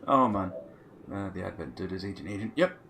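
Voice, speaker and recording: A man's voice: deep voice, expressive, fairly quick, gravelly, a bit bright, a little hiss or hum. Rambling, sweary male streamer. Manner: rambling, sweary, chatting with viewers. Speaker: game streamer. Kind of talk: casual live-stream chat.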